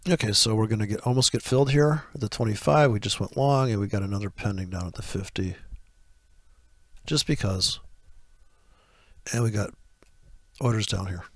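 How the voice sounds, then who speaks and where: A man giving excitable, profane live trading commentary, thinking out loud as he places orders. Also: lowish voice, normal speed, pauses often, no echo. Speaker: forex trader.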